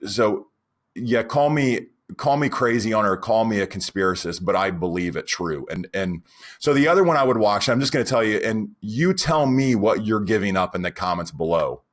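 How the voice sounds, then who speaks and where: A man in his forties talks on a casual podcast, his voice sitting low. He tells stories with growing animation and slips into rants. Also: normal speed. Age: 40s. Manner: animated storyteller, goes on rants. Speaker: podcast co-host.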